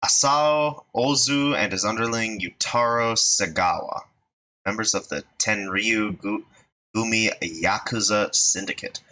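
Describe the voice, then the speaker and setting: A man reading a visual novel aloud with expressive, lightly comic narration. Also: fairly low pitch, a little slow, low-quality recording. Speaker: let's-play reader.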